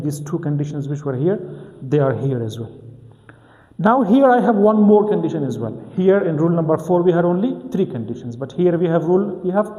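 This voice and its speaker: A man's voice: on the high side, mellow, in a large hall. A man teaching an English grammar lesson, methodically repeating key points and asking and answering his own questions.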